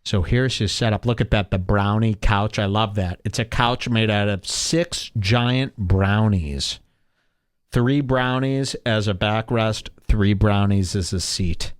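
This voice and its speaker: A man's voice: fairly low pitch, no echo, studio quality. A middle-aged man hosting a podcast, giving crude comedic commentary and mocking people by putting on voices for them. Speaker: podcast host.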